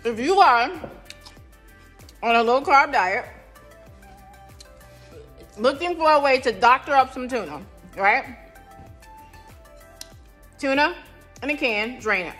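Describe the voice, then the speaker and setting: Slow-talking woman hosting a home cooking vlog. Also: high-pitched, lively intonation, fairly bright tone, faint music behind. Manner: chatty, addresses viewers directly. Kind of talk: casual cooking demo talk. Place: home kitchen.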